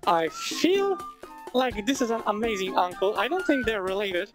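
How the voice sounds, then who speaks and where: A man's voice: sits high, sing-song, moderate pace, rough recording. A man playing a visual novel, reading it aloud with chatty, wry asides. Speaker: video game let's player. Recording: background game music.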